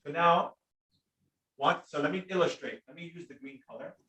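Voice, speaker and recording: An energetic man with a fairly high voice runs a live trading lesson and answers chat questions as they come in. He talks in a slangy, hyped-up way and shouts out viewers by name. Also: normal speed. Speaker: trading teacher hosting a live stream. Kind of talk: live-stream Q&A reading chat comments.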